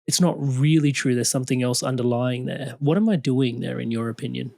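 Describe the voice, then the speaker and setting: A man's voice: medium pitch, a little fast, gravelly, mellow, no echo. Man with a dry close-mic sound. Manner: reflective, filler-heavy questions. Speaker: podcast host. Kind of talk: interview chat.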